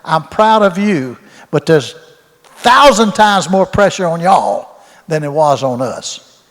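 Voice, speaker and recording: A retired football coach, now in his 80s, tells loose, folksy stories at a Q&A and keeps repeating his words. He speaks slowly yet animatedly, with a fairly high pitch and a fairly bright tone, and the sound has the reverb of a roomy hall.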